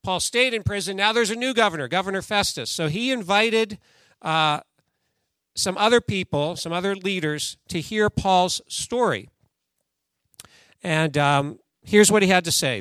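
A man's voice: high-pitched, a little slow, a bit bright, smooth, dry recording. A man preaching a sermon in a conversational way, reading scripture aloud and putting questions to the congregation. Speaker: pastor.

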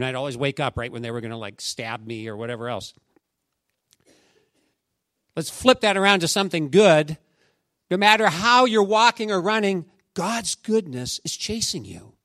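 A man preaching a sermon, telling stories and quoting scripture, dropping to a hush and then rising to shouts. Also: fairly high pitch, no echo, studio quality. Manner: storytelling, swings from hushed to shouting. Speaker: pastor.

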